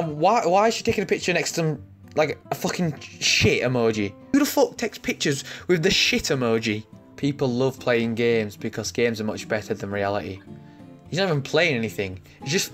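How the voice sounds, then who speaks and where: A young man giving sarcastic, mock-outraged comedy commentary, swearing often. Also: fairly high pitch.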